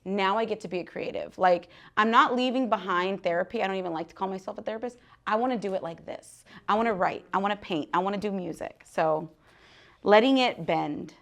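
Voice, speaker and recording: A woman in her thirties talking candidly to an audience at a book talk, animated, laughing often and dropping to hushed asides. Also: medium pitch, a little fast, gravelly. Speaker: guest author speaking at a book talk. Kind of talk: casual live talk to an audience.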